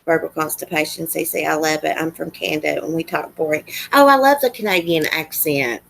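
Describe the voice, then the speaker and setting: A woman's voice: sits low, fairly quick, creaky, a bit bright. A woman with a Southern US accent, hosting a livestream in casual chat and answering comments in a chatty, countrified drawl. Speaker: livestream host.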